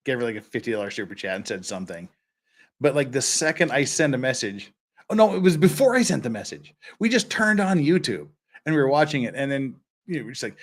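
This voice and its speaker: A man's voice: mid-range voice, fairly quick. A man hosting a casual livestream, chatting and telling stories with lots of laughter. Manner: laughing, animated storyteller. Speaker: livestream host.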